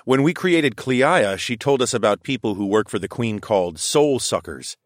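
A man narrating a first-person story in a calm, steady reading voice. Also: mid-range voice, normal speed, no room sound, studio quality. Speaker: audiobook narrator.

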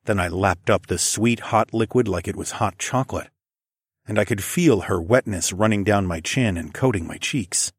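Low husky male storyteller. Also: no room sound, clean studio sound. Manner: low, measured, intimate reading. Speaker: narrator. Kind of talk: first-person story narration.

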